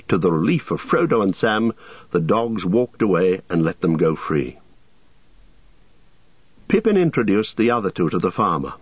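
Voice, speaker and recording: Male audiobook narrator, low and husky, lively delivery, dull dry recording. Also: dry recording. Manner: measured, expressive storytelling. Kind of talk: audiobook reading.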